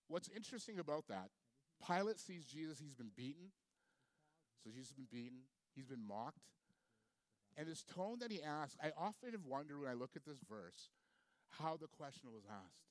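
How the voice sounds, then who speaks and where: A man's voice: medium pitch, no room sound. A man preaching a sermon, reading scripture aloud and then reflecting on it with questions for his listeners. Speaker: pastor.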